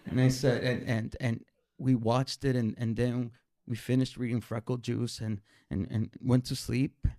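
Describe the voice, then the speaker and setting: Stammering male storyteller, gravelly voice. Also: mid-range voice, measured pace, hardly any pauses, no echo. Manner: stammering repeats, animated and emotional. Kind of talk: personal story told live on stage.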